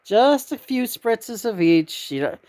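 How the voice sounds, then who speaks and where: A woman vlogging in casual, rambling chat, blunt and quick to swear. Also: fairly high pitch, very animated, darkish tone. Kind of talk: casual spiritual vlog chat.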